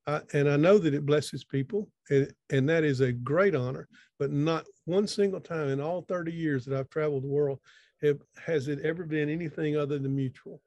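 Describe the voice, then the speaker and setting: A man's voice: fairly high pitch, normal speed, darkish tone, dry recording, muffled recording. Folksy middle-aged man on a video call. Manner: folksy, rambling, frequent restarts. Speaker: conference speaker. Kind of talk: informal sermon-style talk.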